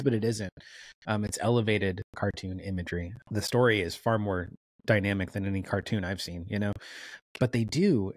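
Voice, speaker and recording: A man co-hosting a review podcast, talking in an animated, casual way with stumbling restarts. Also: medium pitch, dry recording, studio quality. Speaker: podcast co-host.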